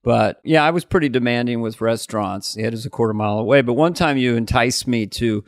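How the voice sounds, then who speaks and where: A man's voice: mid-range voice, brisk, no room sound, studio quality. An older man co-hosting a podcast, telling reflective anecdotes in casual chat and slipping into mimicry. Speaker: podcast co-host.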